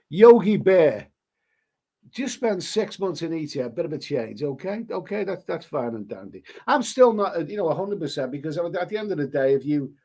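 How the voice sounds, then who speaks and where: With a slightly high, warm voice, a middle-aged YouTube host reads his live chat on a casual stream. He sniffles with hay fever, talks bluntly and crudely, curses a lot, and stammers while reading what viewers wrote.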